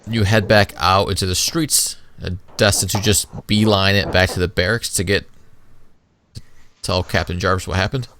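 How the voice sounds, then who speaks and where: A man narrating as game master of a tabletop game in a relaxed, loose way, leaning on filler words. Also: low-pitched, normal speed, slight background noise.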